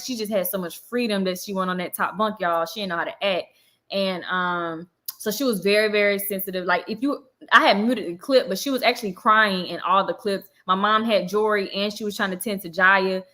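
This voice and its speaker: A young woman tells a story straight to a phone camera on a live chat. Her voice is bright and forward, and she jumps into little acted-out quotes, slipping in plenty of fillers along the way. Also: mid-range voice. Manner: animated storytelling, acting out quotes, frequent fillers.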